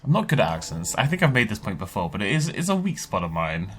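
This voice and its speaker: A man's voice: on the low side, big pitch swings, quick pace, faint music behind. An Irish man hosting a gaming video, talking casually and playfully as he plays, with frequent laughs. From Ireland. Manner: playful, jokey, laughs often. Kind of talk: casual let's play commentary.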